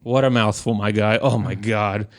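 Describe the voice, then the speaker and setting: A young man co-hosting a podcast, telling a story in an animated way, swearing and acting out what people said. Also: lowish voice, moderate pace, no room sound, studio quality. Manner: animated, profane, acts out quoted voices. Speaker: podcast co-host. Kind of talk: casual storytelling chat.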